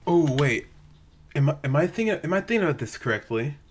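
A man hosting an anime reaction video at home, talking casually and excitably, often restarting his sentences. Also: a little high, brisk, slight background noise. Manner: excitable, rambling, frequent restarts and exclamations. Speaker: reaction channel host. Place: home room.

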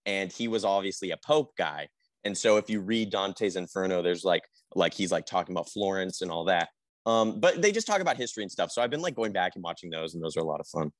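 Young man, low voice, dry close sound; halting, filler-heavy interview chat. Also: expressive, no room sound. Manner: rambling, halting, full of fillers. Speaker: actor guest.

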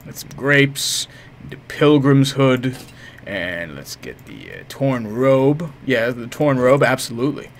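A man with a medium-pitched, sing-song voice streams a game at a slow pace, with a slight hiss or hum in the audio. He swears, jokes around with his viewers, and throws mock-heroic taunts at enemies in this casual live-stream commentary.

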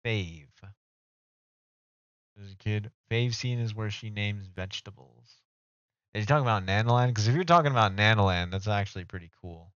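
A man's voice: fairly low pitch, moderate pace, pauses often, a bit bright, no room sound. A young man streaming live, rambling casually and joking with his chat. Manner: rambling, self-mocking, talks to chat. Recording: dull dry home mic audio.

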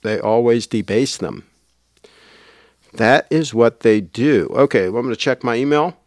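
A man's voice: mid-range voice, measured pace, no room sound, clean studio sound. A man hosting a casual livestream, rambling and reading out viewer comments. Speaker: livestream host.

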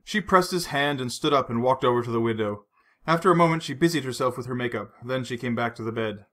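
Guy reading a novel out loud, steady and measured, bright kinda sharp voice. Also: medium pitch. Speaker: audiobook narrator. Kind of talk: scripted narration.

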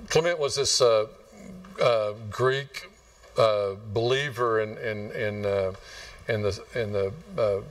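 A man's voice: on the low side, slow, distant mic. A man from West Texas, preaching a folksy, rambling sermon and quizzing his congregation. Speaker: pastor. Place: church sanctuary.

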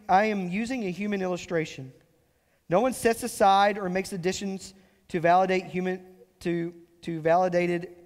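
A man preaching a sermon as pastor, explaining scripture and slowing down to stress key phrases. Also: high voice, long reverb tail. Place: church sanctuary.

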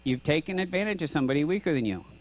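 Male pastor, middle-aged, high voice, earnest conversational sermon, rhetorical questions, faint electrical hum. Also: animated, racing. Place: church sanctuary.

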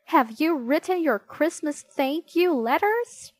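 A woman doing a loud scolding mother. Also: sits high, lively intonation, slow pace, no echo, pitched above the performer's own voice. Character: stern nagging mother, easily exasperated.

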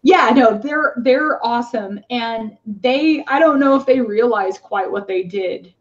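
Woman guest, fairly high voice, rambling anecdote, muffled lo-fi recording. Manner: halting, many fillers, acts out quoted voices. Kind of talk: casual storytelling. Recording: dull lo-fi sound.

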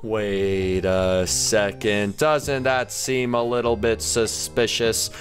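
A man's voice: lowish voice, takes it slowly, over loud music. A man hosting a gaming video, giving playful, jokey let's-play commentary as he plays. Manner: playful, animated, jokey self-talk.

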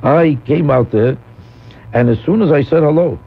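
A man's voice: fairly high pitch, moderate pace, husky. A man doing a rambling comic monologue as a guest radio host, telling a story. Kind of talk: radio talk show storytelling. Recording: tinny phone-like old radio broadcast.

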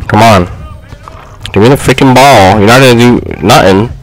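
A young man giving casual gameplay commentary, frustrated and slangy, yelling at his teammates. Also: medium pitch, normal speed, faint music behind, rough recording. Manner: frustrated, exclaiming, slangy trash talk. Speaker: gaming YouTuber.

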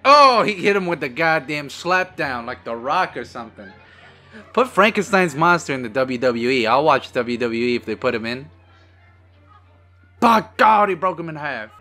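A man's voice: medium pitch, lively intonation, normal speed, pushed and bright, soft background music. A man hosting a casual movie watch-along, joking sarcastically at the screen and swearing freely. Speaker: host.

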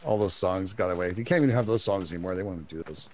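A man's voice: sits low, fast, a little mellow. A man streaming a co-op game with friends, joking around and breaking into bits of song. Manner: joking, bursts into snatches of song. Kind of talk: casual gaming chat.

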